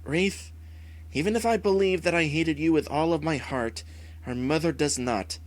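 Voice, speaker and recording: A man voicing a calm, merciful young male hero who speaks in a measured, earnest way. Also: on the high side, close to an everyday voice. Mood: solemn.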